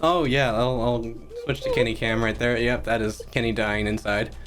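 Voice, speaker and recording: A man's voice: medium pitch, fairly even intonation, moderate pace, fairly bright tone, soft background music. A man running a tabletop game on a stream, laid-back and amused as he narrates for the players. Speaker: game master.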